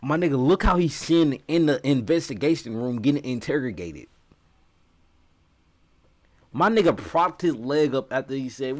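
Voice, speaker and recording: Man, casual reaction commentary, slangy, profane, mid pitch. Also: animated, moderate pace, pauses often. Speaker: reaction streamer.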